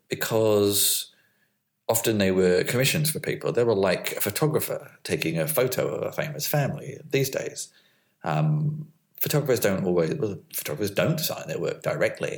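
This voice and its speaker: Low-voiced man musing aloud. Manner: hesitant, thinks aloud with restarts and fillers. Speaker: vlogger. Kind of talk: casual reflective monologue.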